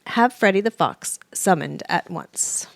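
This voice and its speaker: A woman voicing a wealthy, stern old male bear who speaks in a gruff, commanding way for a children's storybook. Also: lowish voice, sing-song, moderate pace.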